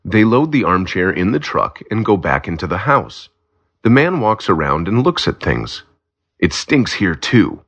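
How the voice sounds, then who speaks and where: A man narrating a simple graded story for language learners, slow and clear. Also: deep voice, sing-song, fairly bright tone.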